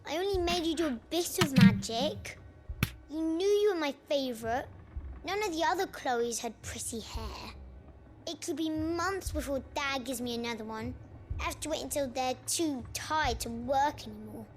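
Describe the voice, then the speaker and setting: A whiny spoiled little girl, game character, high squeaky voice. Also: expressive, normal speed, faint music behind. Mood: petulant. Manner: whiny, petulant. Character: spoiled little village girl, petulant and naive.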